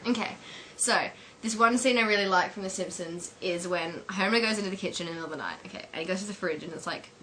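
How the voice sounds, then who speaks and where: A woman's voice: mid-range voice, quick pace, a bit bright, a little hiss or hum. A woman vlogging at home while her sister films her, chatting and giggling as she retells favourite scenes, with lots of fillers.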